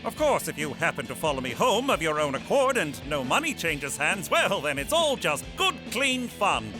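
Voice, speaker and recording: A smug, officious cartoon federal agent, pitched high with a bouncy lilt. Clear music plays under him. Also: male voice, big pitch swings, moderate pace. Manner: self-satisfied, officious.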